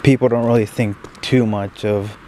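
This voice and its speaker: A man's voice: fairly low pitch, steady tone, moderate pace, noisy background. A young man talks to his camera outdoors in falling snow, keeping his voice down. He shivers and breathes heavily, hesitating often between phrases. Faint outdoor ambience hums behind him. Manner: hesitant, lots of fillers, talking quietly. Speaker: vlogger. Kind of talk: casual vlog talk to camera.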